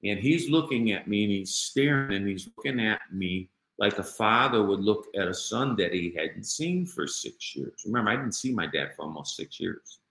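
A man's voice: lowish voice, animated, normal speed, hardly any pauses, a bit bright, echoey room, low-quality recording. A middle-aged man in an interview, telling his own story in a blunt, street-talking way with lots of "you know" fillers. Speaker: guest.

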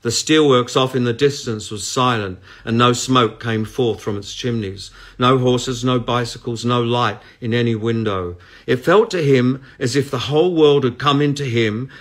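A man hosting a live stream, reading a story aloud in a measured, expressive way. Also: mid-range voice.

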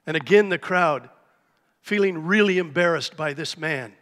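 A man preaching a sermon to a church congregation, telling a story with lively, animated delivery. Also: on the high side, moderate pace. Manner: animated storytelling, acts out shouted cries. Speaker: pastor. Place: church sanctuary. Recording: live church hall reverb.

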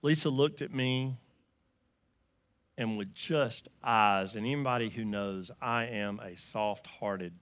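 A man with a Southern US accent preaching a sermon, telling a story and swinging from loud emphatic lines to quiet hushed ones. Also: fairly low pitch, takes it slowly, no room sound. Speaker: pastor.

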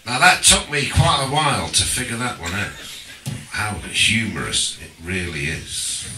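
A man doing a stand-up comedy set on a social club stage, deadpan, slow and deliberate with pauses. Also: fairly low pitch, gravelly, noisy background. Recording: roomy live club recording from a distance.

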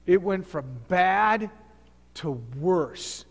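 A male pastor with a high voice delivers a sermon in a loose, conversational way, retelling scripture stories. His voice rings out in a church sanctuary with a long reverb tail. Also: a little slow. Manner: conversational preaching, fillers and restarts.

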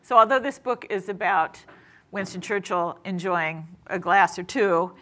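A woman's voice: mid-range voice, unhurried, fairly bright tone. A middle-aged woman author telling a story in a chatty, casual way, with fillers, asides and laughter. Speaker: guest author. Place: senior center event room.

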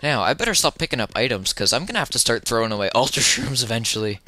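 Lively chatty let's-play guy. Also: mid-range voice, fast, few pauses. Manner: chatty, rambling and jokey, with loud excited yelps. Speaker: let's player. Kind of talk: casual gameplay commentary. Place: at home. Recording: video game music playing behind.

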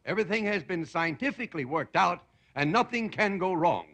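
A man imitating a calm automated airplane announcement in a slow, measured, reassuring tone. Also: high-pitched. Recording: 1960s TV broadcast with hiss and studio audience laughter.

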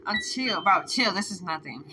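A young woman vlogger reacting to a horror VR video, jittery and slangy, with nervous laughs, swinging from hushed talk to yelling. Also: on the low side, lively intonation, moderate pace, very noisy.

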